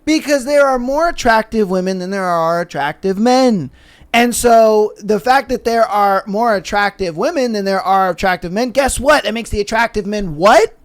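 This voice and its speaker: A man's voice: sits high, lively intonation, normal speed. Emphatic, argumentative male podcast host. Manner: argumentative, emphatic, rhetorical questions. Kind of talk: casual podcast commentary.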